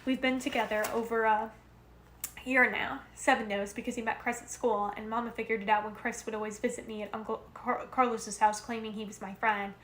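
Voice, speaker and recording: A woman's voice: a little high, brisk. Woman reading a novel in an echoey room. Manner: steady first-person narration, occasional self-corrections. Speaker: reader. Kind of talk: amateur audiobook reading of a novel. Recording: roomy echo with faint noise.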